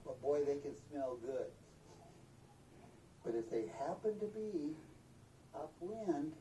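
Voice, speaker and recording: An older storyteller telling a folksy tale aloud, animated and acting out voices and sounds, recorded from a distance in a roomy space. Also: medium pitch. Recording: roomy, distant mic, faint noise.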